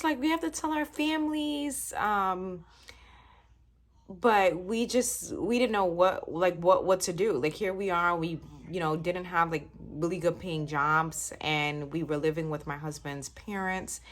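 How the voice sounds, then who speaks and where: A woman's voice: on the low side, a bit bright. A young woman telling a personal story in a candid, rambling way, with many fillers and restarts. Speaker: vlogger telling her story.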